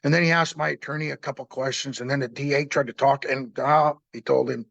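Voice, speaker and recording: Gravelly older man telling a story. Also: medium pitch, fairly even intonation, fairly quick, fairly bright tone, no echo. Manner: rambling, plain-spoken, acts out remembered dialogue. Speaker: speaker telling his own story. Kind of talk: casual spoken storytelling.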